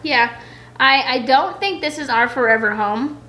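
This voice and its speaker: Bright, high-voiced chatty woman. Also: moderate pace. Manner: chatty and rambling, many "like"s. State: pregnant. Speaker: vlogger answering viewer questions. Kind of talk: casual Q&A chat. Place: home.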